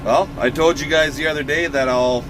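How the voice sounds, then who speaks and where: Speaking in a voice on the high side with a steady tone, this man chats loosely for his farm channel while outside around his machinery. He's relaxed and meandering, stretching out his fillers like any farmer vlogging. Engine rumble and outdoor noise fill the rough recording.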